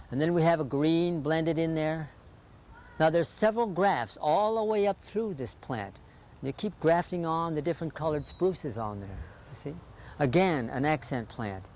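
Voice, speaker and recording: A man's voice: a little high, a little mellow. A man hosting a folksy how-to gardening show outdoors, talking straight to viewers in a chatty, homespun way. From Northern Virginia. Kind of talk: folksy how-to presentation to camera. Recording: faint background noise, 1980s local TV.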